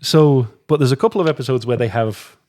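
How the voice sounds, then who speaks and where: A man co-hosting a podcast in relaxed, casual chat. He drops dry one-liners and laughs often at the conversation. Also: medium pitch, fast talker. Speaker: podcast co-host.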